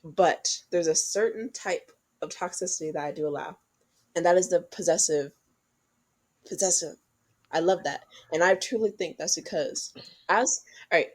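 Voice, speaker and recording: Young woman podcast cohost, lowish voice, chatty, talks straight to y'all. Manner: chatty, addresses listeners as y'all, frank advice. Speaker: podcast co-host. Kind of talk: casual chat.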